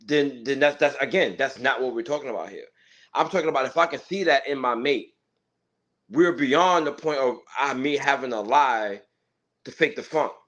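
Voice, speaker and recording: Male host, insistent debater, restarts a lot, mid pitch. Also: normal speed, a bit bright, low-quality recording. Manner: insistent, repeats words while arguing. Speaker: podcast host. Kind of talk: casual debate.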